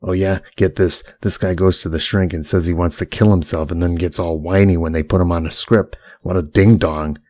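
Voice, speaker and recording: A man's voice: low-pitched, steady tone, brisk, few pauses, a little mellow, dry recording. A man doing a cocky, mouthy teenage runaway. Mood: cocky, mocking. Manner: cocky, needling, cuts in. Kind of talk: audiobook character voice.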